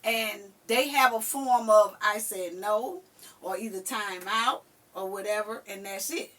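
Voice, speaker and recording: An older woman hosting a casual chat, telling stories in an animated way and acting out what people said. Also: mid-range voice, a little slow, recorded from a distance. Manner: animated storyteller who acts out quotes. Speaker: podcast host.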